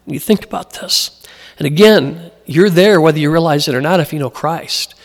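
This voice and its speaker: A man's voice: a little high, gravelly. A man preaching a sermon as pastor, in a conversational style that acts out the voices he quotes. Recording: long hall reverb.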